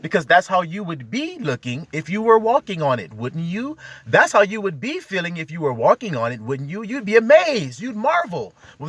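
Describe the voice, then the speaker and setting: Sitting in a car, a self-styled preacher delivers a fired-up spiritual monologue, exhorting his listeners and peppering them with rhetorical questions. His voice is high, a bit bright, and slightly rough, in a dry recording.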